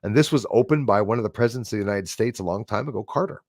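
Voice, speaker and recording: A middle-aged Canadian man with a lowish voice hosts a casual livestream, talking very fast as he reads viewer comments. He rambles with lots of fillers, restarts and chuckles. The studio sound is clean, with no echo.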